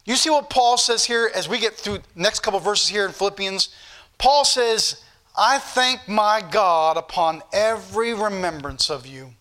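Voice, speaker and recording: Here a Southern-accented man delivers a sermon, slowly reading scripture aloud and hammering his points home through emphatic repetition before the congregation. His high-pitched voice has a sharp tone.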